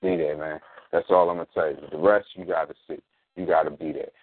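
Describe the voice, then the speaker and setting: A man hosting a casual talk radio show, plugging events in a relaxed, slangy way. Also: very deep voice, breathy edge, dry recording. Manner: laid-back slangy promos, spells things out slowly. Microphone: sits in a squeaky reclining chair. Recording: dry tinny phone-like line.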